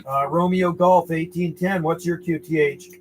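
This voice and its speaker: A man's voice: a little high, steady tone, normal speed, over music, rough recording. A man working a CB radio, calling out call signs in a friendly, easygoing way. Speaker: CB radio operator.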